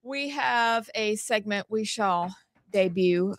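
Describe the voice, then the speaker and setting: A woman's voice: mid-range voice, slow, no room sound, studio quality. A woman, hosting a political talk show in a playful, upbeat way. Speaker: host.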